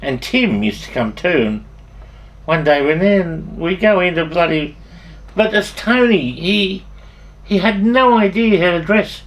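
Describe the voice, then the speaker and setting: An older Australian storyteller speaks at a measured pace, his high-sitting voice lively in intonation. His anecdotes about the past ramble along, salty and full of swearing, with sentences often begun again.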